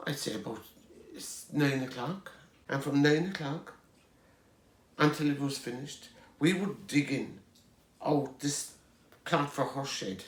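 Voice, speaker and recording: Gravelly Irish man telling family stories. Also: medium pitch, echoey room. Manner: rambling, chuckling anecdotes with restarts. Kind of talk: storytelling.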